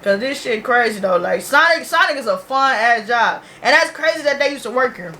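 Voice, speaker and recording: High, bright-voiced young woman ranting casually. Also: lively intonation, fairly quick, a little hiss or hum. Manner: loose, profane slang-heavy storytelling. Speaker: reaction video host. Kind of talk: casual reaction vlog.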